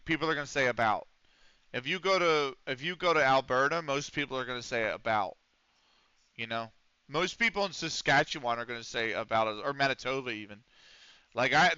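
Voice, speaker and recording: A man's voice: on the high side, sharp tone, clear, resonant tone, no echo, lo-fi sound. A man chatting casually on a game livestream, rambling and swearing while he reacts to the match. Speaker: streamer playing a football management game. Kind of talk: casual livestream chat with commentary.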